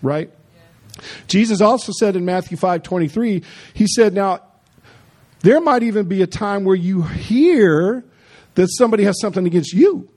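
High-voiced, mellow man preaching. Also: lively intonation, moderate pace. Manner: emphatic, conversational preaching with repeated asides. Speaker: pastor. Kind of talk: sermon.

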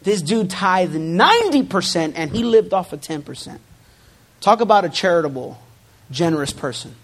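A male pastor with a high voice and big pitch swings speaks at normal speed during a sermon. He repeats phrases with rising force for emphasis and tosses in humorous asides to the congregation.

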